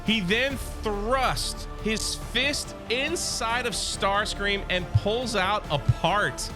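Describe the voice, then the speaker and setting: A man recapping a comic book in casual, excited commentary, openly biased toward his favorite character. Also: sits high, slow, hardly any pauses, over music.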